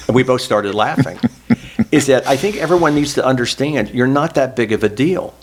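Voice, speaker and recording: A man's voice: medium pitch, animated, moderate pace, slight background noise. A middle-aged man from Oklahoma, a former state senator, telling earnest, self-deprecating stories in an oral history interview. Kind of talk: reflective oral history storytelling.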